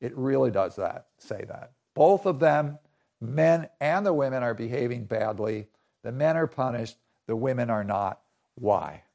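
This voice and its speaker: A man's voice: mid-range voice, lively intonation, normal speed, gravelly, a little mellow. A man preaching a conversational sermon, often restarting and repeating his phrases.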